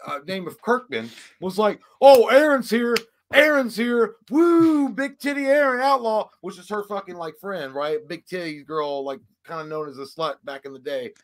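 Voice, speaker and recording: A man in his thirties telling a rambling, profane story in casual chat and loudly acting out the other people's lines. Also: high-pitched. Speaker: podcast co-host.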